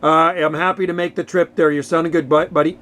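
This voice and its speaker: Over ham radio from his home radio shack, a Canadian man chats casually, friendly and heavy on radio lingo. His voice is fairly high with little pitch movement, he talks fast, and the recording is very noisy.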